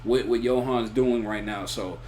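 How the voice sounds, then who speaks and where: Chill dude talking through an anime ep, lots of slang, keeps saying bro, bit of background hum. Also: male voice, medium pitch, steady tone, measured pace, darkish tone. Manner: slangy, rambling, frequent "you feel me" and "bro". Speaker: anime reaction YouTuber. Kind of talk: casual spoken review.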